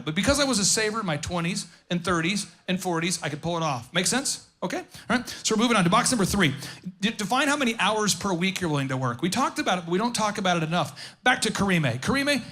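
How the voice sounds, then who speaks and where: On a conference auditorium stage, a business speaker with a high-pitched, bright, cutting voice delivers an energetic live seminar. He talks fast, cracks plenty of jokes, riffs in asides, and keeps firing quick questions at the audience.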